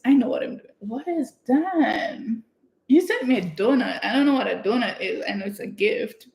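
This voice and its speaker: A young woman from Canada, chatting excitedly and giggling as she hosts her own livestream. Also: a little high. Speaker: livestream host. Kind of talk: casual livestream chat. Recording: echoey room.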